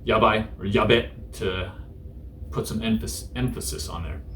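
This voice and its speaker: A man's voice: on the low side, moderate pace, fairly bright tone, slight background noise. A man hosting a casual Japanese vocabulary lesson, talking in a laid-back, joking way with many fillers. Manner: joking, irreverent. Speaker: host teaching Japanese through news.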